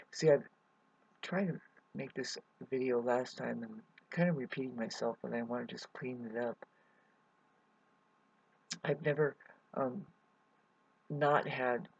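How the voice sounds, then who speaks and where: A man's voice: medium pitch, creaky, darkish tone, breathy edge, no echo. A man rambling through a hesitant personal update to his viewers, full of fillers and restarts. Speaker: vlogger. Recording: dull lo-fi recording.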